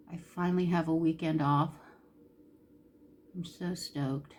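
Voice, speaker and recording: Candid, chatty woman vlogger, soft-spoken. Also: on the low side, slight background noise. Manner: candid, emotional, chatty with Southern-style "y'all". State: close to tears. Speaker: beauty vlogger. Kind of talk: casual makeup tutorial chat.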